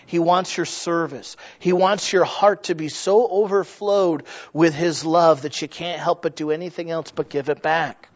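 Pastor, male, middle-aged, high voice, lively sermon with restarts, slightly muffled recording. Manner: lively storytelling with frequent restarts and asides. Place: church sanctuary.

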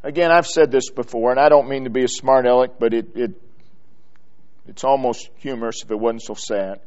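A man preaching a sermon in a church, building from quiet, drawn-out phrases to loud, emphatic repetition. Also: medium pitch, fairly even intonation, highs cut off.

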